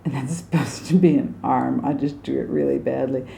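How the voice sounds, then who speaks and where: An American singing and diction teacher uses drawings to teach song lyrics, chatting away and poking fun at her own slips. Her voice is bass-low, creaky and dark, with fairly even intonation at a normal speed.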